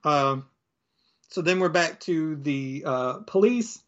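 A man chatting casually as he recaps a comic book, rambling with lots of fillers and slipping into quick character voices. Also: fairly high pitch, a bit bright, lo-fi sound. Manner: rambling, filler-heavy, acts out quoted lines in different voices.

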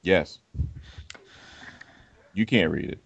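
Gravelly, teasing male co-host. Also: sits low, lively intonation, extremely slow, highs cut off. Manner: teasing, laughs often. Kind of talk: casual chat about comics.

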